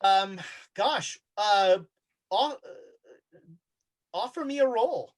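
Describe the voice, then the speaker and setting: Halting tabletop game master. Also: male voice, sits high, lively intonation. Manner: halting narration with many fillers. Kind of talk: narrating a tabletop horror game.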